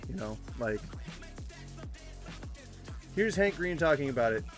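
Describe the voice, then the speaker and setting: Rambling animated man with background music. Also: on the high side, unhurried. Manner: rambling, self-interrupting, animated. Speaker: streamer reacting to videos. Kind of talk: casual commentary.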